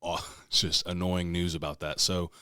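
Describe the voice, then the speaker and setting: A man's voice: sits low, unhurried, clean tone, no echo, studio quality. A young man telling a story in casual chat, swearing freely and acting out what people said. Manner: profane, animated storyteller acting out quotes. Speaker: podcast co-host.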